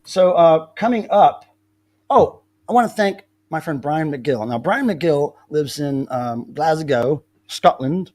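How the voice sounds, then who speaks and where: A man's voice: on the high side, lively intonation, slow pace, darkish tone. A man hosting a casual live stream, telling rambling stories with many restarts. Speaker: livestream host.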